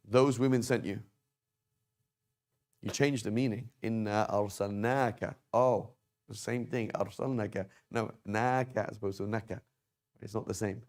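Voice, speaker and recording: At a whiteboard, a male Arabic teacher gives a classroom lesson on verb conjugation, explaining patiently and often checking in with "right?" and "okay?". His voice is mid-range and a little mellow.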